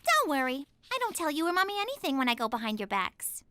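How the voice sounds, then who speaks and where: A woman's voice: high voice, very animated, fast, pushed and bright, no echo, heavily acted. A woman voicing a spoiled, melodramatic teenage daughter in a cartoon, whiny and manipulative.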